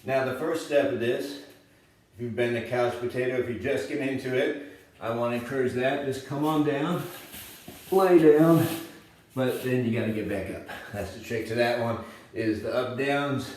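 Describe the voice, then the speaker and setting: A man's voice: medium pitch, moderate pace, recorded from a distance. A man coaching a home workout casually and encouragingly, a bit out of breath as he demonstrates each move. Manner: casual, encouraging, thinks aloud while demonstrating. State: slightly out of breath while exercising. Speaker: fitness coach. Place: indoor room, moving around in front of camera. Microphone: camera mic at a distance. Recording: very echoey room, voice off-mic.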